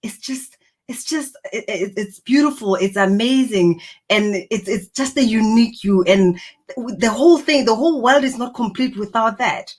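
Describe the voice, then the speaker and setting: A woman's voice: a little high, normal speed. A woman giving an earnest, encouraging motivational talk to camera, reflecting on personality and purpose. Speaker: personal growth speaker.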